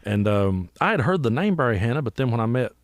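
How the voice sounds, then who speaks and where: Fast-talking Appalachian man telling stories. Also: mid-range voice, no echo, studio quality. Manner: animated storyteller, acts out voices. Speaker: musician guest. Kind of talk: casual storytelling interview.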